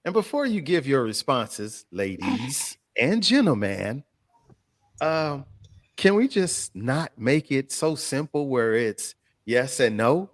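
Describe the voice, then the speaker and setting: Animated man hosting a late-night chat. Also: medium pitch, slow pace, dry recording, clean studio sound. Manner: animated, laughing, reads viewer comments aloud. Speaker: host. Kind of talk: casual live-stream chat.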